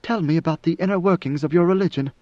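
A devoted young woman speaks faintly and hesitantly, with fear under her words, as a male reader puts her on. The voice is raised in pitch and has a dull, lo-fi sound. The recording is dry. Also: quick pace, warm tone, no room sound, natural voice. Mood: fearful. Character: young woman, devoted, fearful, softly spoken.

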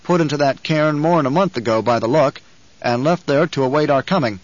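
A man voicing a dutiful, blunt guard officer who reports loudly and respectfully in an audiobook reading. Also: a little high, a little fast, no room sound, dull audio, lightly acted.

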